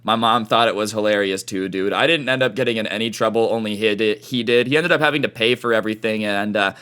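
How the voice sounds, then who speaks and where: A man telling a personal story in casual slang, full of "dude" and "like", with lively swings in pitch. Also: quick pace, clear, resonant tone. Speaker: storytime YouTuber.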